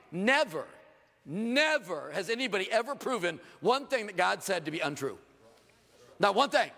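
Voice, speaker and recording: A middle-aged male pastor preaching a sermon, animated, acting out quoted voices with sudden jumps in pitch. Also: vocal fry. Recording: long reverb of a large hall.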